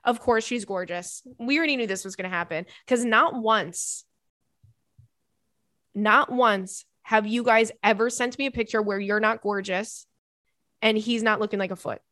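A woman hosts a casual advice podcast and reacts to listener letters with bursts of laughter and dramatic apologies. She swears freely and talks in a middle pitch. The sound is dry and close to the mic. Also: normal speed, fairly bright tone, no echo.

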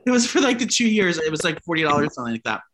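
A gay man co-hosting a casual gossip chat, swearing freely and telling animated stories full of fillers. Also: a little high, racing, a crowd in the background. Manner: profane, animated storytelling with lots of fillers. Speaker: podcast co-host.

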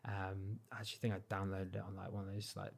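A young man from Cornwall chatting casually as an interview guest, relaxed and modest, with lots of "like" and "um". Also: low voice, quick pace, gravelly. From Cornwall, England. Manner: relaxed, modest, many fillers like "like" and "um". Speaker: guest, freestyle football champion.

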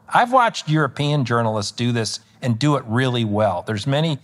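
This man's mid-range voice moves at normal speed as he guests on a podcast as a political commentator in a conversational interview. Rambling, he keeps restarting and self-correcting, and livens up when recounting exchanges.

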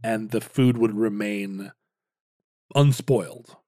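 A man's voice: lowish voice, slow, dark tone, dry recording, studio quality. Rambling man chatting dryly. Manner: rambling, many restarts and fillers, playful jokes. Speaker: podcast co-host. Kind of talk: casual conversational history chat.

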